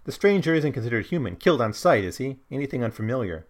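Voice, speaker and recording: Wary, incredulous male time-traveler, read by a man, with animated pitch. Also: fast talker, close to an everyday voice. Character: time-displaced man from the present, unsettled.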